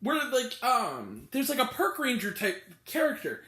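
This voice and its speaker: A woman's voice: fairly high pitch, wildly swooping pitch, a little slow, a bit bright, reverberant. A woman reviewing a movie in a casual rant, incredulous, often laughing and swearing freely. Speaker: film reviewer.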